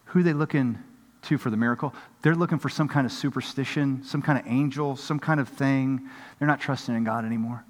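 A man's voice: mid-range voice, brisk, big-room sound. A man preaching a sermon as pastor, acting out the voices of people in the story.

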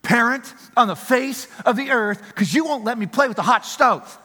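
A man's voice: very high voice, moderate pace, pushed and bright, pitched above the performer's own voice, heavily acted. A man acting out a stubborn little girl who protests in a whiny, defiant way. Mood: protesting. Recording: reverberant hall.

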